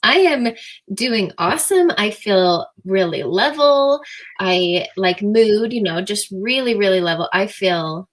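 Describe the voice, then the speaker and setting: Chatty, animated woman in her thirties. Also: medium pitch, a little slow. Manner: animated, chatty storyteller with many fillers. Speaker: interview guest. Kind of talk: casual interview chat.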